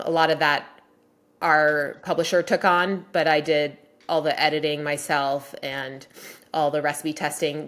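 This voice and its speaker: A woman's voice: deep voice, fairly bright tone. A woman in her forties, a cookbook author talking casually on a podcast, enthusiastic and full of "like" and "um" fillers.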